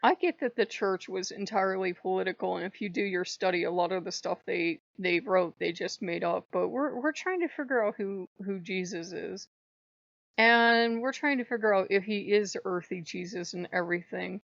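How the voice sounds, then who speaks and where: A woman's voice: medium pitch, normal speed, creaky, no room sound, highs cut off. A woman vlogging casually about her spiritual practice, rambling and irreverent, laughing often. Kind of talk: casual monologue to camera.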